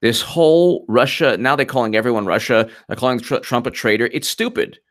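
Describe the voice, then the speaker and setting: A man hosting a live political commentary stream, talking fast and animated, repeating himself and mocking opponents. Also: medium pitch. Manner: animated, repetitive, mocking quoted voices.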